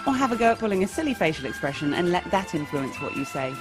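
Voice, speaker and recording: A woman's voice: mid-range voice, fast, music in the background. A woman giving a playful, scripted lesson on improv comedy. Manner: playful, lively, jumps into character voices. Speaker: improv teacher. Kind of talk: scripted instructional narration.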